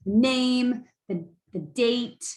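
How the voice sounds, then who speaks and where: A woman's voice: fairly high pitch, slow, a little mellow, reverberant, rough recording. A woman, a college instructor, giving a tired, casual screen-share lecture full of fillers and restarts. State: tired, yawning.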